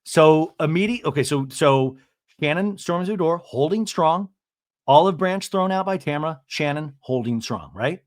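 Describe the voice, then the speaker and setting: A man hosting a podcast, giving an animated, chatty recap of a reality-TV episode and often asking listeners "right?". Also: fairly high pitch, normal speed, no room sound, studio quality. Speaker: podcast host.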